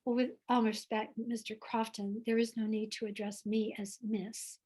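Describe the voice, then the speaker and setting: A woman's voice: a little high, little pitch movement, moderate pace, a little mellow, natural voice. A woman voicing a polite, hesitant young Southern woman who is an acting student.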